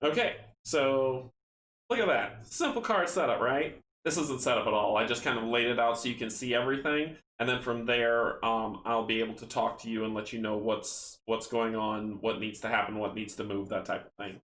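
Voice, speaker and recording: A man hosting a casual tabletop card game play-through, recapping and reading story text in a chatty, relaxed way. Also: mid-range voice, normal speed. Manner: chatty, relaxed, with many fillers. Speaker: host and solo player. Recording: echoey room, faint background noise.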